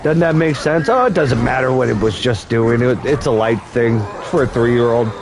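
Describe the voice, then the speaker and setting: A man's voice: mid-range voice, normal speed, noisy background, pitched below the performer's own voice, close to an everyday voice. A man riffing as a taunting farmer uncle. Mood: sarcastic. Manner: taunting, scornful, rambling rants. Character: sarcastic mocking farmer uncle, grown man.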